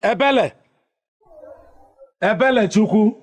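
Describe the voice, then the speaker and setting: An actor with a Nigerian accent playing an excitable, scheming middle-aged village father, theatrical and full of exclamations. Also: sits high, unhurried, slightly rough. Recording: film dialogue.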